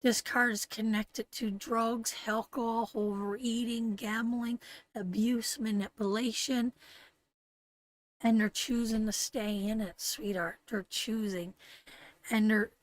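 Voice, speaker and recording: Slow, tender Canadian woman reading tarot. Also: fairly high pitch, steady tone, no room sound. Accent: Canadian English. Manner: slow, tender and emotional, repeating phrases. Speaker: tarot reader.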